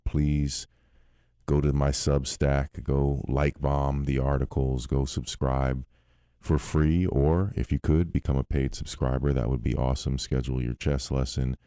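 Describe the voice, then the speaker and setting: A man's voice: very deep voice, warm tone, clear, resonant tone, no echo, clean studio sound. A male podcast host who speaks in a laid-back, appreciative way. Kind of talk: casual interview hosting.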